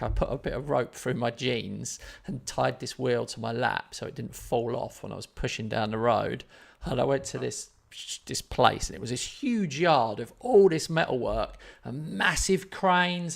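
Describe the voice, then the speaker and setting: A man's voice: medium pitch, moderate pace, vocal fry. A man telling a story in casual chat on his live stream, rambling and self-deprecating.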